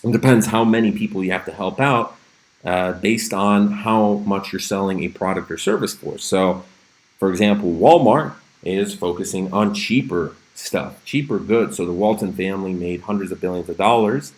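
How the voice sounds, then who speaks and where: A man's voice: low-pitched, moderate pace, poor audio. A man hosting a casual livestream, chatting, reacting to memes and answering viewers' questions with frequent laughs. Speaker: crypto livestream host. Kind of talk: casual livestream commentary reading chat.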